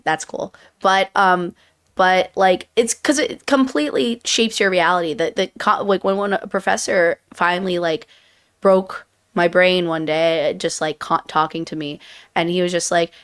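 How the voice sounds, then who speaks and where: A woman's voice: on the low side, steady tone, normal speed, clean tone. A woman co-hosting a casual chat, wandering off on tangents with self-deprecating laughs. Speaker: podcast co-host.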